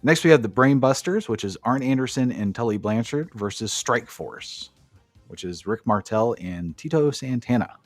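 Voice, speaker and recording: A man's voice: medium pitch, expressive, normal speed, no echo, faint music behind. A man co-hosting a podcast, recapping wrestling matches in a casual, profane, enthusiastic play-by-play way. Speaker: podcast co-host.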